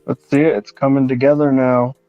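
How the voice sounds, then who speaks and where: Relaxed man with dull, dry sound. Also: mid-range voice, brisk, no echo, soft background music. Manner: relaxed, explains while working. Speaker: painter. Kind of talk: casual chat.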